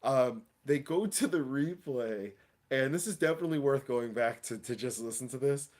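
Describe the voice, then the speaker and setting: A man hosting a casual wrestling livestream, talking excitedly in slangy chat and laughing often. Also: medium pitch, moderate pace. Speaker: wrestling show host.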